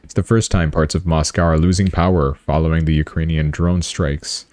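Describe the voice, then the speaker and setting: A man with a low, mellow voice that is recorded dry and close. He comments on the news in a chatty, rambling way, breaking off into joking asides. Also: fairly even intonation, moderate pace, no echo. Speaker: livestream host.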